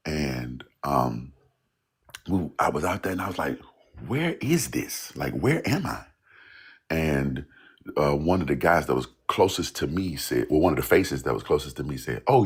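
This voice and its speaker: A man with a low, slightly husky voice tells a story in casual talk. His pitch rises and falls a lot as he acts out quotes, laughing and swearing along the way.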